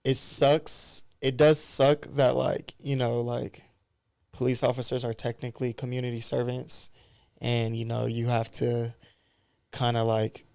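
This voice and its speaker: A man's voice: medium pitch, little pitch movement, a little slow, creaky, darkish tone, clear, resonant tone, no room sound, studio quality. A man in his thirties, a barber guest on a podcast, talking in a candid, loose and reflective way. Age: 30s. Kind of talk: casual podcast conversation.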